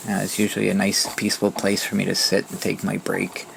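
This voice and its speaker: A man's voice: low-pitched, completely flat delivery, brisk, vocal fry, poor audio. A man who drives a mobility scooter tells a rambling, casual vlog story with frequent restarts. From Southern Ontario, Canada. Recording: loud background ambience noise.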